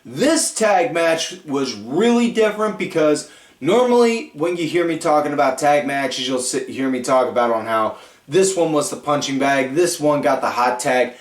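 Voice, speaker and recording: A man hosting a podcast, rambling through a casual recap with lots of fillers and animated storytelling. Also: a little high, moderate pace. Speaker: podcast host. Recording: echoey room, far from mic.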